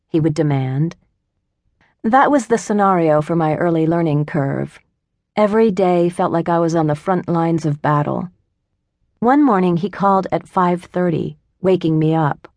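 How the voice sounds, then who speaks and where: A woman reading a first-person memoir in measured, even scripted narration, recorded close in a studio. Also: low-pitched, no room sound. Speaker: audiobook narrator.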